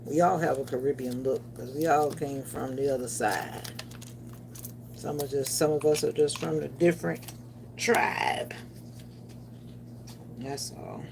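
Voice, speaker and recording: A woman's voice: rumbling low, measured pace, gravelly, long pauses, background noise. A woman vlogger with a Southern US country twang, chatting casually and rambling to viewers while busy with kitchen chores. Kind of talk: casual vlog chat while cooking.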